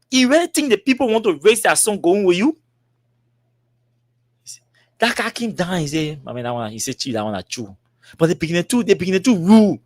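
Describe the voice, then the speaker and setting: A talk show host with a Liberian English accent tells a long story, animatedly acting out the dialogue with lots of repetition. His voice sits high, and the recording is dry with clean studio sound.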